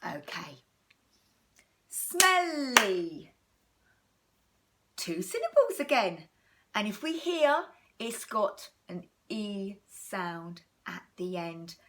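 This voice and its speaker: English woman, primary phonics teacher, very slow, sing-song and encouraging, mid-pitched. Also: sing-song. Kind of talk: recorded phonics lesson for young children.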